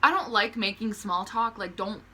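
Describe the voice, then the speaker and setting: A young woman with a bright, sharp-edged voice tells stories to camera in loose, rambling, profane chat, with "like" in nearly every phrase. She talks at a middle pitch in a casual, offhand way and calls herself awkward. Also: normal speed, breathy edge. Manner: profane, rambling, heavy use of "like"; self-described awkward. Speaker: vlogger.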